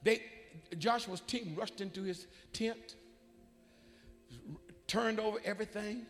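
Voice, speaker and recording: A man, a bishop, preaching a sermon in church with animated, folksy storytelling that swings up into shouting. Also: high-pitched, takes it slowly, in a large hall, faint music behind. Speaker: bishop and pastor. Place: church sanctuary.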